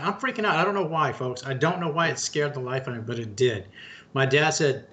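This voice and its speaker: A man's voice: fairly high pitch, expressive, a little fast, fairly bright tone. A middle-aged man co-hosting a casual talk show, telling a long story in a folksy way and calling listeners folks and bud. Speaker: podcast co-host.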